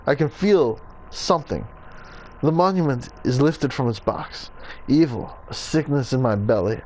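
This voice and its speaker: A man's voice: medium pitch, lively intonation, unhurried, a little mellow, a little hiss or hum, natural voice, poor audio. A man putting on a grave Italian assassin. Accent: put-on Italian. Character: solemn male Italian assassin writing a journal.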